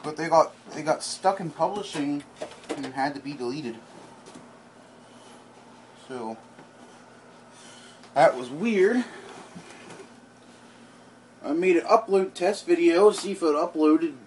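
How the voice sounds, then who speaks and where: A man vlogging casually in a groggy morning voice, rambling offhand and clearing his throat often, recorded on a phone indoors. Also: fairly high pitch, slow pace, long pauses, a little mellow, a little hiss or hum. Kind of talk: casual vlog chat.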